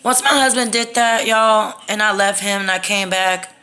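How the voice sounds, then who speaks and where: A storytime vlogger from Texas talks at normal speed in a bright, forceful, medium-pitched voice. She tells a personal story to her phone in a candid, rambling way, swearing freely.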